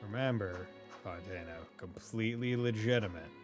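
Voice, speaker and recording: A man's voice: lowish voice, normal speed, over music. A man giving casual, joking commentary over a video game, sometimes reading the characters' lines aloud.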